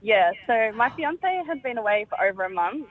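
A woman calling in to a radio show, telling her story quickly. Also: fairly high pitch, lively intonation, phone-quality sound. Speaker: caller. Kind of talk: phone-in chat.

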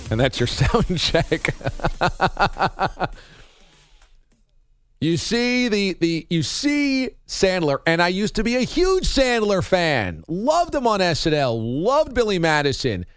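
A male sports talk host rattles off stats and cracks wry jokes in a fairly high voice that swings up and down a lot. He is close to a studio mic and sounds dry. His pitch stays lively through each run of numbers. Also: takes it slowly, pauses often, no room sound, faint music behind. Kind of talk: casual sports talk commentary.

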